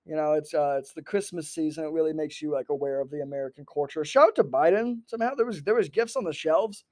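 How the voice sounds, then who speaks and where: A man hosting a comedy podcast, rambling through a profane, animated monologue that jumps between topics. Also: on the high side, fast talker.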